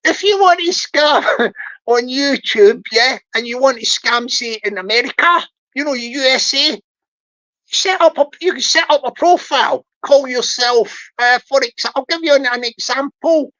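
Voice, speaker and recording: A woman's voice: sits high, a little slow, bright, forceful tone, muffled recording. A woman giving joking livestream commentary, rambling, repeating herself and laughing often. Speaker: livestream host.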